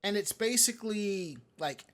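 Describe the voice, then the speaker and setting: A man with a notably high-pitched voice talking loosely on a live-streamed show. He drifts from one tangent to the next and stops to read out chat messages, all in easy casual chat. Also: expressive, moderate pace, a bit bright. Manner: rambling, digressive, reads chat comments aloud. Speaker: podcast co-host.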